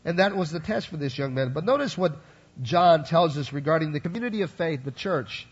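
A man's voice: fairly high pitch, expressive, a little fast, breathy edge, lo-fi sound. A man preaching a sermon to his congregation in a conversational way, checking in with asides to the listeners. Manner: conversational preaching, frequent "right?" and "you follow?" asides. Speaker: pastor.

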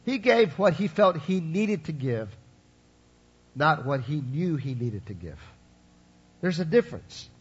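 A man's voice: fairly high pitch, very animated, a little slow, long pauses, breathy edge, highs cut off. A man preaching a sermon to his congregation in a conversational way, checking in with asides to the listeners. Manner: conversational preaching, frequent "right?" and "you follow?" asides. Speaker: pastor.

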